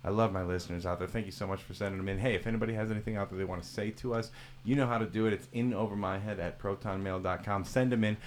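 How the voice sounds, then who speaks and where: A man's voice: fairly low pitch, steady tone, racing, a little hiss or hum. A man hosting a podcast, chatting casually and joking with mock-serious exaggeration. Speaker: podcast host.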